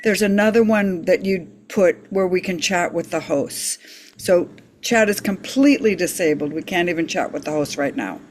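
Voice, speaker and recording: A woman participant speaking up on a video call in a brisk, practical way. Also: fairly low pitch, slight background noise. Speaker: workshop participant. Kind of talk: casual remark on a video call.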